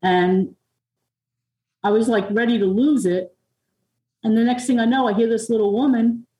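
A woman's voice: on the high side, fairly even intonation, moderate pace, mellow. A middle-aged woman from Long Island, a podcast guest telling personal stories in a rambling way, full of fillers and restarts. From Long Island, New York. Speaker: podcast guest, music producer and author. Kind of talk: candid personal storytelling. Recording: roomy and distant from the mic.

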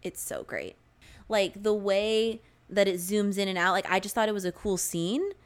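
A young woman in casual conversation, recapping a movie with lots of fillers and animated asides. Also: mid-range voice, normal speed. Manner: animated, filler-heavy, frequent "like".

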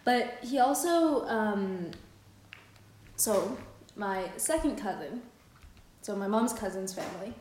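A woman's voice: mid-range voice, lively intonation, slow, a little mellow, slight background noise. Woman podcast co-host, rambly and giggly, roomy echo. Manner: rambling, laughs often, many fillers. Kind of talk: casual chat and poetry reading.

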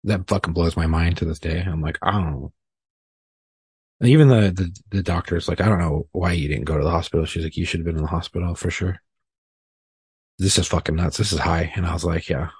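A man's voice: sits low, brisk, husky, no echo. A man telling a personal story in a casual, rambling, profane way, often poking fun at himself. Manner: profane, rambling, self-deprecating. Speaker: podcast guest.

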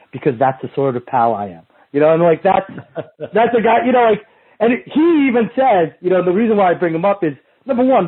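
This podcast guest, a fitness industry coach, has a fairly high, husky voice as he casually tells rambling, profane stories, performing both people in old conversations. The audio is tinny and phone-like.

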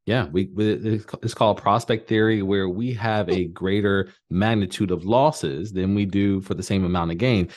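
A man's voice: lowish voice, fairly even intonation, moderate pace, hardly any pauses, darkish tone. A man hosting a podcast interview, enthusiastic and acting out quoted thoughts as he talks. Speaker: podcast host. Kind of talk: conversational interview.

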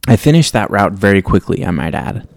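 Low gravelly man telling a story. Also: big pitch swings, brisk, no room sound, studio quality. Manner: reflective, wry storytelling. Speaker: podcast host. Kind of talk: reading a personal story aloud, then casual sign-off.

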